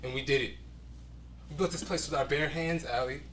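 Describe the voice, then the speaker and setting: A man's voice: fairly high pitch, a little fast, fairly bright tone, distant mic, a little hiss or hum, close to an everyday voice. A man acting a stage monologue as a grieving young man still waiting for a lost love, speaking with bitterness and longing. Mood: bitter. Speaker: acting student. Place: acting studio room.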